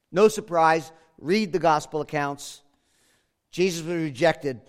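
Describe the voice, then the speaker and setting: Pastor, male, high voice, dynamic preacher who drops low then builds to emphatic peaks. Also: unhurried, clear, resonant tone. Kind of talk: sermon.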